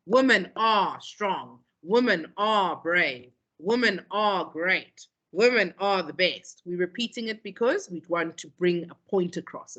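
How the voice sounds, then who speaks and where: A woman's voice: mid-range voice, bright, forceful tone. A woman teaching a poetry lesson to a school class, repeating phrases for emphasis and calling on pupils.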